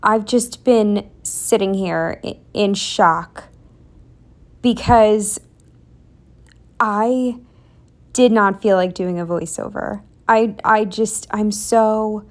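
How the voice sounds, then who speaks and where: A woman's voice: medium pitch, slow, long pauses. A young woman recording a casual voiceover for a planning video. She sounds exhausted and exasperated, rambles, and drops into whispers. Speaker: planner vlogger.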